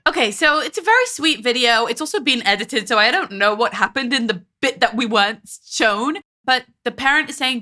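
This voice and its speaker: A woman's voice: a little high, normal speed, few pauses, bright, forceful tone. A woman hosting a parenting show, commenting on video clips in a direct, emphatic, conversational way. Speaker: host, parenting coach.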